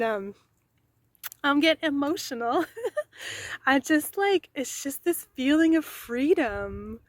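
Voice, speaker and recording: Excitable woman giving a slow, chatty tarot reading. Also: on the high side, no echo. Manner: excitable, chatty, swears casually. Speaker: tarot reader. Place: outdoors in nature.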